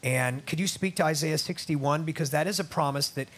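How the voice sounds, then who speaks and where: A man's voice: a little high, a little fast, a bit bright, husky. A man hosting a Christian talk show, affirming his guest and asking her questions.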